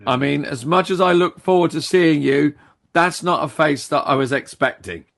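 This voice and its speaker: A man's voice: fairly high pitch, normal speed, creaky, a bit bright. A man co-hosting a podcast, chatting casually and teasing his partner in a jokey way. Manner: teasing and jokey, chuckles between remarks. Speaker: podcast co-host presenting clips. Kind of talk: casual chat.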